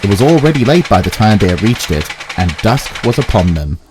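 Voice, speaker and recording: A man narrating a spooky children's engine story with expressive delivery. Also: on the low side, brisk, background noise. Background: background music.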